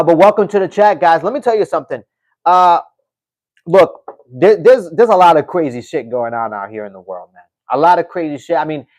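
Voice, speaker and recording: A man's voice: on the high side, no echo, low-quality recording. A man, hosting a live stream and chatting casually with viewers in a laid-back, slangy way. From New York City. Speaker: livestream host. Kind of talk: casual live-stream chat reading comments.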